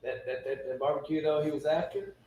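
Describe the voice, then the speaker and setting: A man co-hosting a live stream in casual chat, teasing the others with quick quips. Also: on the high side, flat delivery, dark tone, roomy sound, a little hiss or hum, low-quality recording.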